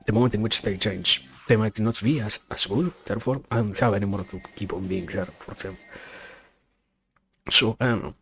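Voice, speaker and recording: A man's voice: fairly low pitch, normal speed, creaky, fairly bright tone, slight background noise. Rambling male gaming streamer. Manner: rambling, self-correcting, swears casually while playing. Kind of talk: casual gaming stream chat.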